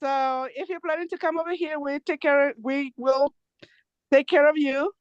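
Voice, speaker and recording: A woman, out of breath, calling in by phone from the mountains, laughing often and talking in halting bursts. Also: sits high, fairly even intonation, no echo. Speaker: nonprofit co-founder giving a remote update. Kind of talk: casual talk over a video call. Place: outdoors in the mountains. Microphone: phone on a video call. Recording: dull lo-fi video call audio.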